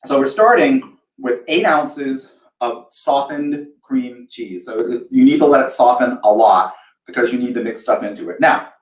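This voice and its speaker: A man's voice: medium pitch, animated, normal speed, distant mic. A man from the American South talks through a recipe on a live cooking show, chatty and self-deprecating, with a mid-range voice. He sits back from the microphone, and his voice bounces around a roomy home kitchen. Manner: chatty, self-deprecating, acts out imagined reactions. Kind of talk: casual live cooking demo.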